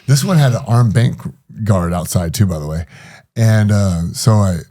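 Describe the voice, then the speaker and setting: Low, mellow-voiced man telling his story. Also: lively intonation, moderate pace. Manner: hesitant, many fillers and restarts. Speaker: guest. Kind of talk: interview storytelling.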